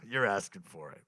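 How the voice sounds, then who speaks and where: Young male stand-up comic, bright forceful voice, dry close sound, dark deadpan storytelling. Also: fairly low pitch, no room sound. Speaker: stand-up comedian. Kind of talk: stand-up comedy set. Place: small open mic venue.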